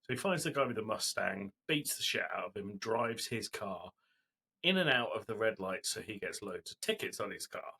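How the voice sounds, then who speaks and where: Male co-host, husky forceful voice, loose rambling storyteller. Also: lowish voice, lively intonation, normal speed. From Britain. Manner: rambling storytelling recap with fillers. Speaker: podcast co-host. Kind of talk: casual chat.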